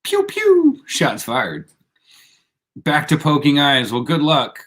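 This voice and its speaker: A man's voice: medium pitch, slow pace, a bit bright. A man hosting a casual live stream, laid-back and rambling, laughing often as he chats with viewers. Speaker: livestream host.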